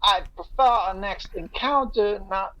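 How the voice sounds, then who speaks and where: A woman voicing a flirty male bear park ranger as a slow, drawling impression in a live comedic fanfic reading. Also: mid-range voice, fairly bright tone, highs cut off, natural voice.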